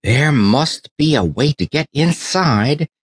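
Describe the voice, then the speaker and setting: Raggedy Ann the gentle rag-doll girl, put on by a male storyteller, lifted well above his own low voice, bouncing through her lines. It has the dry, close sound of an audiobook booth. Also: animated, takes it slowly, breathy edge, no echo, exaggerated voice. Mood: earnest. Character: cheerful female rag doll leader, gentle and earnest.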